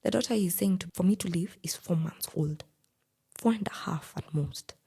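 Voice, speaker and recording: A woman's voice: on the low side, moderate pace, creaky, husky. A young woman with a Kenyan accent, animatedly telling her own story and quoting the people in it. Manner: animated, quotes others in dialogue. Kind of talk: personal storytelling.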